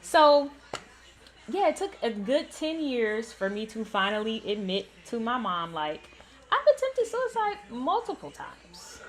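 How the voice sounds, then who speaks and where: A woman's voice: fairly high pitch, sing-song, a little slow. A young woman, host of a gaming channel, telling a painful personal story candidly, with many "like" fillers.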